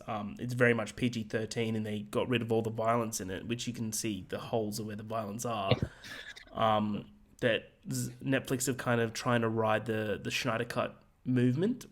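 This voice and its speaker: A man co-hosting a podcast, giving a casual, rambling film review with many fillers and restarts in a monotone voice. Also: mid-range voice. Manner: calls his voice monotone. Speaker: podcast co-host.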